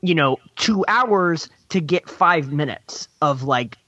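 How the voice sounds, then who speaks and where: A man co-hosting a casual film discussion, ranting in an animated way with lots of "like" and restarts. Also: on the high side, slow pace, dry recording, highs cut off. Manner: animated ranting, heavy use of "like". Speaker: podcast co-host.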